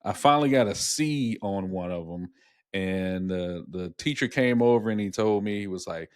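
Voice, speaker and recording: Low-voiced man telling stories in a podcast chat. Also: moderate pace, no room sound, clean studio sound. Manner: rambling storyteller who repeats words and fills with "you know". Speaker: podcast co-host. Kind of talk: casual podcast conversation.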